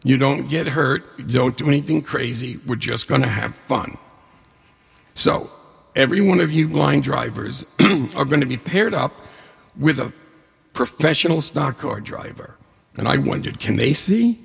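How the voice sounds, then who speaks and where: A man in his forties or older telling a personal story, a lively storyteller who acts out the dialogue with humor. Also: mid-range voice, a little slow, gravelly, husky. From New York State. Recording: hall reverb.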